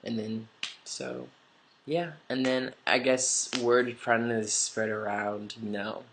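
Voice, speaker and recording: A man with a stuffy nose talks straight into his camera in a loose, rambling vlog, tossing in "like" and casual swearing. His voice sits at an ordinary pitch but barely moves up or down. A faint hiss runs under the recording. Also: flat delivery, slow pace, gravelly, fairly bright tone. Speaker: vlogger. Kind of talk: casual confessional storytelling.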